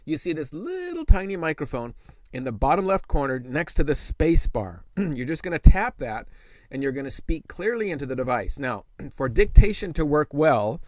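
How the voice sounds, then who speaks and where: A man's voice: medium pitch, dry recording. Dry-sounding man teaching a tech tip. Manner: relaxed and conversational, with frequent fillers and restarts; slows to speak very deliberately when dictating. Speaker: tech tutor host. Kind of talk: casual tech tutorial.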